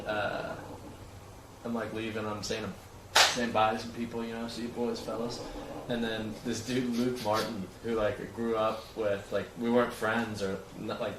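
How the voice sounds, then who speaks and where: A man's voice: on the low side, heavy background noise. Young guy rambling thru a story, laughing a lot, roomy echo, mic kinda far. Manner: animated, laughing, lots of "like". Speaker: livestreamer. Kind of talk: casual storytelling.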